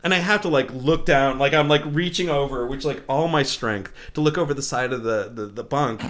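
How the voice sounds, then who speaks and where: A man's voice: medium pitch, a little fast, a bit bright. A young American man telling a long story in casual chat, rambling with many "like"s and "you know"s, laughing as he goes and acting out his own lines. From United States.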